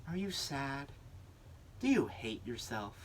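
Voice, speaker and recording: A young man doing a hushed ad narrator, whispered role-play. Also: very animated, takes it slowly, a little hiss or hum, low-quality recording. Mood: ominous. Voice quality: low, half-whispered. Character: low, hushed male commercial narrator.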